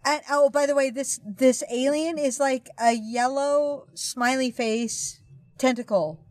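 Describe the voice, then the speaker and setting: A woman's voice: sits high, slow, no room sound, studio quality. A woman co-hosting a casual movie chat, telling festival stories and acting out quotes. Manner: animated storyteller, acts out quotes. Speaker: podcast co-host.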